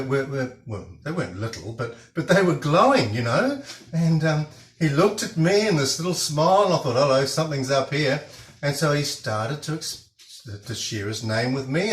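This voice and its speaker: A man's voice: medium pitch, fairly bright tone, roomy sound. A man hosts a cooking show, telling a rambling story in a chatty, hesitant way. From New Zealand. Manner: chatty, hesitant, many fillers and restarts. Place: home kitchen.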